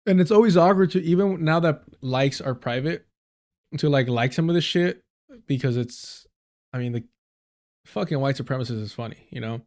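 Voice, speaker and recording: A man's voice: mid-range voice, moderate pace, a little mellow. Rambling, profane male streamer. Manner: rambling, profane, many fillers. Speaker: streamer reacting to clips. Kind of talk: casual live-stream commentary.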